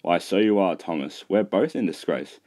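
A man's voice: low voice, moderate pace, darkish tone, natural voice. A man doing a big proud grand engine. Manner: grand, chortling. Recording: music behind, poor mic.

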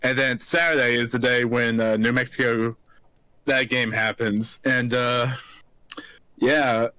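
Young guy cohosting a podcast, bright voice, joking around, dry close sound. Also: mid-range voice, fairly even intonation, a little slow, smooth, dry recording. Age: 20s. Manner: joking, playful banter. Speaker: podcast co-host. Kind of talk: casual chat.

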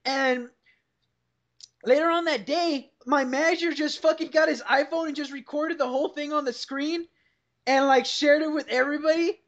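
High-voiced young woman telling a rowdy story. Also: fairly even intonation, moderate pace. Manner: profane, rambling, laughs through the story. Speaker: podcast host. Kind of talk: casual storytelling over a call. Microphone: computer call mic. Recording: dull lo-fi call audio.

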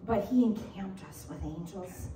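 A woman's voice: mid-range voice, unhurried, slight background noise. A middle-aged woman pastor preaching a sermon, telling playful stories with laughter. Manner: animated, playful storytelling with laughter. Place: church sanctuary. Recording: roomy church echo, distant mic.

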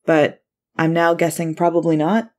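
A woman's voice: sits low, level tone, moderate pace, a little mellow, close to an everyday voice. A woman voicing a friendly, curious teenage boy surfer from South Africa in a story reading.

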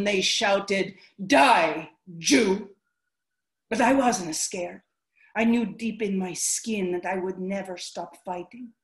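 Woman playing a fierce andalusian ancestor woman, stage monologue, slow deliberate delivery, roomy echo. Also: mid-range voice, close to an everyday voice. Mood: defiant. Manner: slow, deliberate, shifts from hushed whispers to rousing shouts. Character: ancient Andalusian ancestor woman, fierce, urging her descendant.

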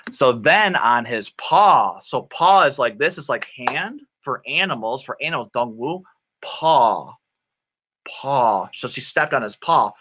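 A man teaching children English online, reading a storybook and acting out words in a slow, clear, animated way. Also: mid-range voice. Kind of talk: playful ESL lesson for children.

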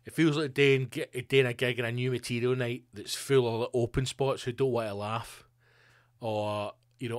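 A man's voice: medium pitch, no echo, clean studio sound. A Scottish man, a comedian hosting his own podcast, rambling in a sweary, jokey monologue. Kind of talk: casual monologue.

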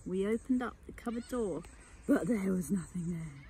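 A young woman reading a children's picture book aloud in a gentle, expressive way as host of her channel. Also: mid-range voice, normal speed, slight background noise. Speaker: children's story reader.

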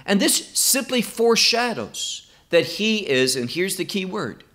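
A man teaching a Bible lesson, stressing key words in a slow, emphatic way. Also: high voice, sing-song, fairly bright tone.

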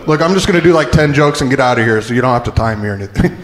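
A man doing a stand-up comedy set on a club stage, animated and quick to jump into silly high character voices. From Beaverton. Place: comedy club stage before a live audience. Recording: roomy club sound with crowd laughter.

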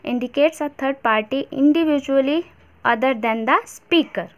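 A woman with an Indian English accent teaching a grammar lesson step by step, pausing often and restarting her sentences. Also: sits high. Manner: explains step by step, many fillers and restarts.

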